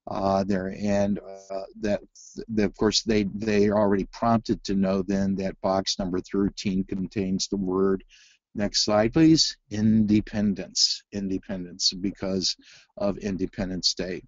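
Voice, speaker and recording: Halting man with a low voice. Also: flat delivery, no room sound, dull audio. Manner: halting, many fillers and restarts. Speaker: reading teacher presenting a webinar. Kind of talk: webinar presentation.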